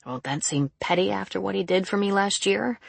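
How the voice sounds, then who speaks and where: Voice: medium pitch, brisk, gravelly, dry recording, voice pushed up. A reader voicing an earnest, self-questioning woman criminal psychologist in an audiobook. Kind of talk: audiobook character reading.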